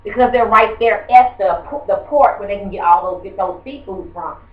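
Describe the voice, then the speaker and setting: Heard from far off in a muffled, echoey room, this teacher speaks in a mid-range voice at a moderate pace. She runs her classroom lesson in a loose, conversational way, wandering a bit and quizzing the class.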